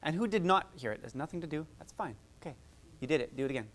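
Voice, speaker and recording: Animated music therapist coaching a group. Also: mid-range voice, fast, slight background noise. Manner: animated, encouraging, chatty asides. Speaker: music therapist leading a workshop. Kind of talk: live workshop coaching.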